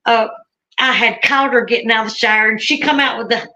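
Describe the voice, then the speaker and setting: A woman's voice: a little high, steady tone, brisk, sharp tone, low-quality recording. A woman from Alabama with a Southern accent, telling her story in a chatty, rambling way with frequent laughs. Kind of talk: casual storytelling on a live stream.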